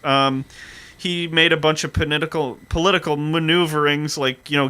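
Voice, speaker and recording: A male podcast co-host with a bright, forceful voice tells a history story in an animated, profane way. His pitch sits in the middle range for a man. The recording is very dry and close. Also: clean tone, no echo. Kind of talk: casual history podcast chat.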